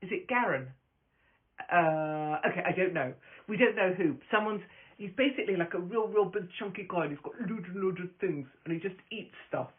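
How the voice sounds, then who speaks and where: A woman's voice: fairly low pitch, expressive, fairly quick. A woman hosting a casual live stream from her phone, brash and profane, rambling from story to story and laughing often. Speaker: host of a live stream, stand-up comic. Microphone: phone camera. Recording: tinny phone-quality audio.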